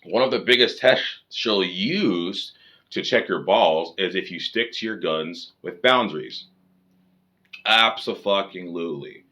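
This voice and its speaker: A man's voice: low voice, measured pace, sharp tone. A man giving dating advice in a blunt, profane, lecturing rant to camera.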